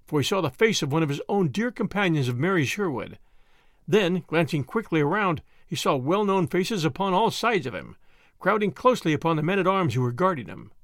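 A man reading a classic adventure story aloud in an expressive storytelling manner. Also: on the high side, no room sound, clean studio sound. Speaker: narrator. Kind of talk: audiobook narration.

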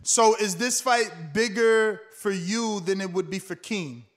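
An older man, a fighter, arguing heatedly, loud and combative, repeating himself and swearing. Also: high-pitched, measured pace. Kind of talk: heated argument.

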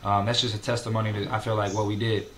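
A man's voice: on the low side, flat delivery, fast talker, fairly bright tone, slight background noise. A young man, a college basketball player, talking casually in an interview, with many fillers. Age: young adult.

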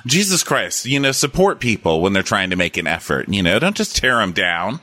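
A man with a bright, sharp voice that leaps all over its range as he chats and gossips. He camps it up and mimics people in a high falsetto, recorded close and dry. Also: very animated, moderate pace, dry recording. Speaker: podcast co-host. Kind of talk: casual chat.

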